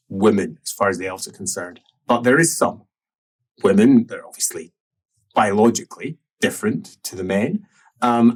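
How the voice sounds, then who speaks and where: A man narrating a tabletop role-playing game as game master, in a musing way that drops to soft murmurs. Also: lowish voice, breathy edge.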